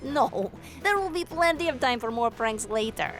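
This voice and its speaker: An actress voicing a bubbly, mischievous young devil girl in an animated series, playful and teasing. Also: a little high, moderate pace, over music, natural voice.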